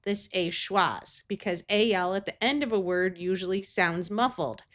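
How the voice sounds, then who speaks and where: A woman's voice: mid-range voice, normal speed, fairly bright tone. An American woman teaching a phonics lesson, sounding out words carefully in parts. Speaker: reading tutor.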